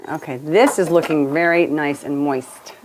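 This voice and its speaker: A woman's voice: low voice, moderate pace, a little hiss or hum. A woman hosting a cooking show in a home kitchen, chatting and joking her way through a recipe. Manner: chatty, playful, laughs often. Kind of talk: casual cooking demonstration.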